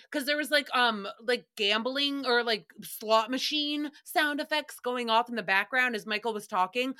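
A woman's voice: on the high side, sharp tone. A woman hosting a podcast, giving a sassy, giggly comedic recap in a chatty monologue. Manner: sassy, giggly, jumps between voices and rhymes. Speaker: podcast host.

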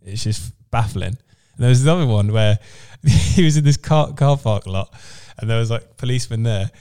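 A man's voice: medium pitch, normal speed, clean tone. Man telling stories on a podcast. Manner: animated storyteller, laughs through his own stories. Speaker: podcast host. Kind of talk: casual chat.

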